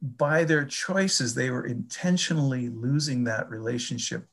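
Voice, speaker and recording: An older man from the Chicago area, talking about faith in a reflective, halting way and often repeating his words. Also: mid-range voice, fairly bright tone. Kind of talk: casual faith conversation.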